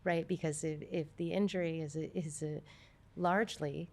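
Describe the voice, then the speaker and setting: A woman co-hosting a recovery podcast, thoughtful and affirming, often pausing with fillers. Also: low voice, steady tone, a little mellow. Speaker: podcast co-host, recovery meeting leader. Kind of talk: casual podcast conversation.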